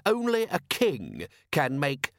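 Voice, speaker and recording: A cold, contemptuous nobleman, as a male audiobook narrator plays him, raised a little in pitch and measured in pace. Each clipped word drips disdain, heard dry and close. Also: huge pitch swings, no echo, full character voice. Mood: disdainful. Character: haughty aristocratic male lord, cold and contemptuous.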